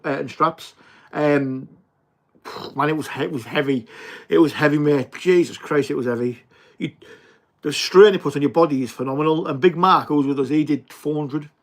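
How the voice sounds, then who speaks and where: A young man with a Teesside accent hosts a casual livestream, chatting to viewers and calling everyone mate. His voice sits a little high for a man, and his talk is loose and blokey with the odd swear word. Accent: Teesside English. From England. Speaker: livestream host. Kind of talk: casual livestream chat reading viewer comments.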